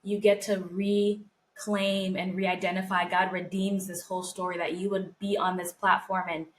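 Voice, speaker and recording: A woman's voice: mid-range voice, level tone, moderate pace, slight background noise, rough recording. A woman co-hosting a podcast, speaking in a heartfelt, reflective way and touching on her faith. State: close to tears. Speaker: podcast co-host. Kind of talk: casual podcast conversation.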